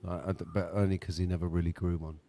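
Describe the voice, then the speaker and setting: An Englishman co-hosting a casual live-stream chat, telling relaxed, friendly stories. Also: sits low, fast talker, gravelly, a little hiss or hum. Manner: relaxed storytelling, friendly, says man.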